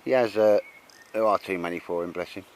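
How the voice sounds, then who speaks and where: A man's voice: deep voice, brisk, rough recording. A man chatting casually and rambling at a woodland camp outdoors. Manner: chatty, rambling, laughs often. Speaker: host.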